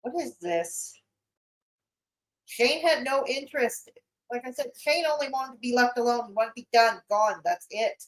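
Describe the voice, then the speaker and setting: A woman's voice: fairly high pitch, normal speed, poor audio. A woman streamer giving blunt, mocking reaction commentary on a livestream.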